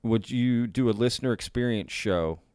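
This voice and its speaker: A man's voice: medium pitch, moderate pace, a little mellow, clean tone, no room sound, studio quality. A man hosting a casual live stream, reading viewers' chat aloud, upbeat and laughing often.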